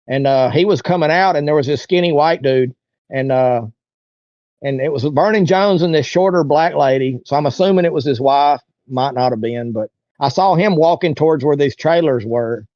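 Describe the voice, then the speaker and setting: A man's voice: fairly high pitch, normal speed, a little mellow, dry recording. A man, telling a story as an interview guest and acting out what people said. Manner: acts out quoted voices while telling a story. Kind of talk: casual storytelling. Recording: dull dry lo-fi sound.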